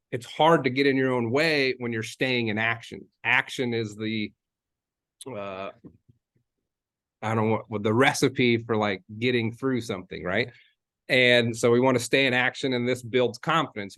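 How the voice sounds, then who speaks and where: A man's voice: mid-range voice, a bit bright. Guy coaching other agents, rambly, lots of like and um, repeats stuff to drive it home, regular mid voice. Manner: chatty and rambling, many fillers and restarts; repeats key phrases for emphasis. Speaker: real estate agent and trainer. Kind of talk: casual coaching talk.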